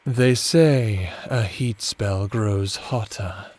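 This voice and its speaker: A man voicing a teasing, affectionate necromancer husband in a whispered role-play, doting and laughing, speaking slowly and flirtatiously with a soft, breathy voice. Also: fairly low pitch. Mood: sly seductive.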